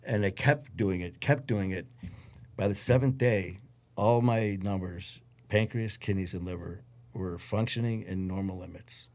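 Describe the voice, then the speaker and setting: A man's voice: sits low, a little slow, a little mellow. A man, a guest telling his story in a blunt, profane way and acting out the voices of others. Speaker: interview guest. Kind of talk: storytelling in a casual interview.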